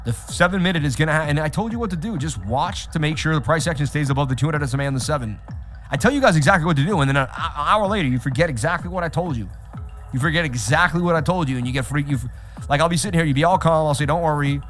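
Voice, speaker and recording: A man hosting a live trading stream, talking straight to his chat in an animated, repetitive way. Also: a little high, racing, faint music behind. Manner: animated, repeats himself, talks straight to chat. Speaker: livestream host. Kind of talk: casual livestream chat.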